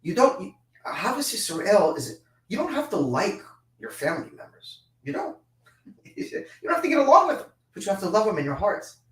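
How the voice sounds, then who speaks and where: A man's voice: sits high, sing-song, moderate pace, a bit bright, echoey room, recorded from a distance, low-quality recording. A man giving an impassioned religious lesson, emphatic and repetitive.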